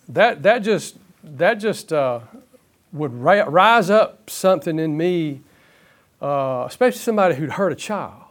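Middle-aged man, sermon, emphatic, drawn-out key words, fairly high voice. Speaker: preacher.

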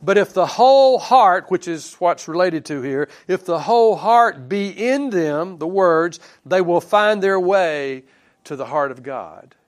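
A man preaching a sermon, earnest and unhurried, rising on key phrases and dropping low after. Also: animated.

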